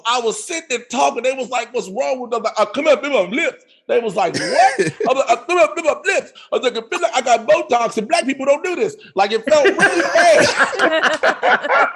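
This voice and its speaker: A man's voice: extremely high pitch, slightly rough. A man co-hosting a comedy show on a video call, telling a story with lots of laughing and acted-out yelps. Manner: animated, laughing through the story, acting out his own shouts. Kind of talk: storytelling stand-up. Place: home setup on a video call. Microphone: video call mic.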